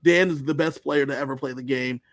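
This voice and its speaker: A man co-hosting a fan podcast, recapping events in casual, animated chat and acting out other people's lines as he tells the story. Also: medium pitch, a little fast, no echo. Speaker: podcast co-host.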